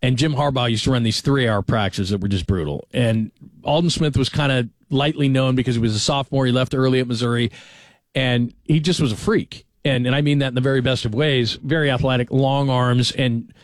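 A middle-aged man hosting late-night sports talk radio, lively and chatty as he moves from topic to topic. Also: medium pitch, no echo, clean studio sound. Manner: lively, chatty, fast-moving delivery. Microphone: studio microphone.

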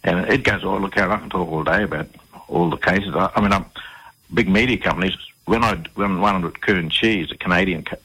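Low, husky Australian man with a forceful edge. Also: poor audio. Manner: halting, full of fillers and repeated restarts. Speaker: radio interview guest. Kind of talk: casual storytelling in an interview.

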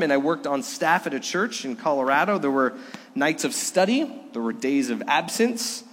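A middle-aged man delivers a sermon in a somewhat high voice, building to emphatic peaks and then dropping to hushed, intimate lows. His voice rings out with a long reverb, as if in a church sanctuary. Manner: preaching with rising emphasis and soft, hushed lows. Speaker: pastor.

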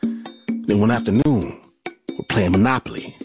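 A man's voice: on the low side, measured pace. A man hosting a story podcast, telling a childhood tale with dramatic flair and acted-out voices. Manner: animated, acts out voices and shouts. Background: music.

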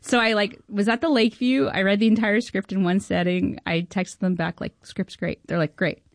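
A woman film director telling stories in an interview, animated and giggly, acting out the people she quotes. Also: mid-range voice, brisk, dry recording, clean studio sound. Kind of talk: interview storytelling.

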